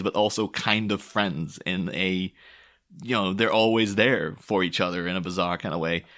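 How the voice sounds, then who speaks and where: A man talking casually and at length about film villains, rambling with many fillers and restarts and breaking into animated quoted voices. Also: on the low side. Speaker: film commentator. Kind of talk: casual film analysis talk.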